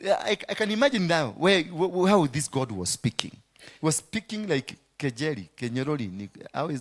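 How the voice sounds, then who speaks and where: A man with a Kenyan accent preaching a sermon, acting out the voices in his story and swinging from hushed words to shouts. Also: on the high side. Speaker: pastor.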